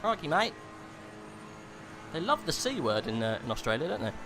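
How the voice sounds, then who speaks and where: A man's voice: mid-range voice, huge pitch swings, fast, fairly bright tone. A man commentating an online sim race, chatty and playful, rambling with fillers as he calls positions and jokes with his co-host. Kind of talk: live race commentary with banter. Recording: music bed behind the voice.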